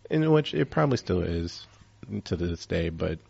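A man's voice: sits low, sing-song, normal speed, gravelly, darkish tone, slightly rough, muffled recording. A man hosting a casual chat, rambling with lots of fillers.

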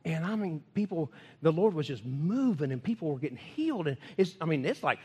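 A man's voice: fairly high pitch, a little fast, breathy edge. A man with a Texan accent, a preacher telling stories in a folksy, laughing sermon style. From Texas. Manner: folksy, laughing, animated storytelling. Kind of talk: sermon storytelling. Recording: echoey hall.

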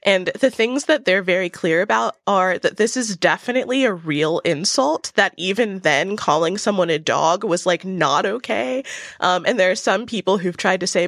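A woman talks through a scripture passage in a casual, earnest way. She sounds reflective, at an ordinary pitch. The sound is dry and close. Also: normal speed, a bit bright, dry recording. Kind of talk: casual theological discussion.

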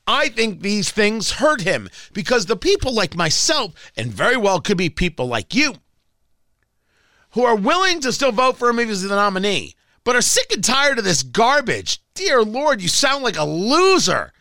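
Male talk radio host, high and animated delivery, bright tone, dry studio sound, sarcastic and combative. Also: normal speed, dry recording. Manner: combative, sarcastic, emphatic repetition. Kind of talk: opinionated political talk radio monologue.

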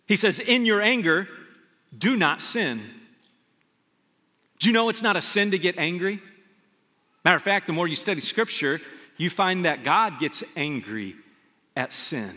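A man preaching a sermon as pastor, telling stories with animated energy. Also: a little high. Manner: animated storytelling, shouts in retold scenes. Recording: long hall reverb.

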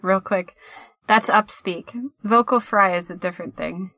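A woman's voice: medium pitch, a little slow, bright, forceful tone, no echo. A woman co-hosting a casual podcast, joking around in a playful, scatterbrained way. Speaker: podcast co-host.

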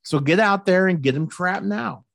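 A man's voice: sits high, moderate pace, creaky, fairly bright tone, no room sound, clean studio sound. A man hosting a hunting show, talking in a folksy, repetitive, pushy way. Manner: folksy, repeats words, pushy about tips. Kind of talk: casual podcast chat.

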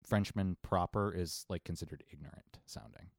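A man's voice: low voice, moderate pace, no echo, clean studio sound. A man co-hosting a podcast, talking in a sarcastic, rambling, swearing way. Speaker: podcast co-host. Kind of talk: casual chat.

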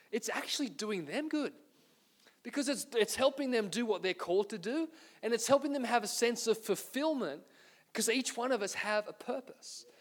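An Australian man preaching a sermon as pastor, earnest and self-deprecating as he tells a story. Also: sits high.

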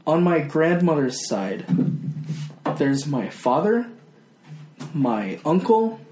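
A man's voice: a little high, sing-song, slow pace, darkish tone, slight background noise. A young man co-hosting a podcast in casual chat, teasing and playful. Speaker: podcast host. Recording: echoey room with faint ambience.

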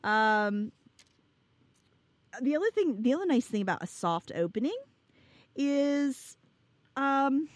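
A woman talks openly about her business in a relaxed podcast chat. She rambles and often restarts her sentences. The sound is close and dry. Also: high-pitched, takes it slowly, pauses often, dry recording. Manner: candid, rambling, self-correcting with restarts and laughs. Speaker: business owner guest.

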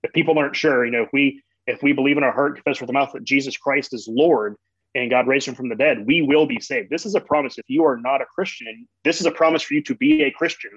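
Male guest, husky tone, earnest and explanatory, dull dry recording. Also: medium pitch, quick pace, fairly bright tone, no room sound. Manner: earnest, explains through family stories. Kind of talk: conversational theological explanation.

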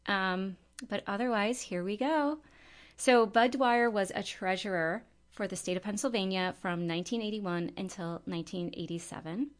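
A middle-aged woman co-hosting a podcast, telling a story in a chatty, relaxed way with many fillers. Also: mid-range voice, normal speed. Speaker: podcast co-host. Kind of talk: casual chat and storytelling.

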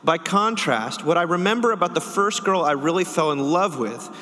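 Brief: male host, a touch high-pitched, measured, long reverb. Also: expressive, bright, forceful tone. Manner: steers the talk, reads listener letter aloud. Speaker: podcast host. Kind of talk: casual chat.

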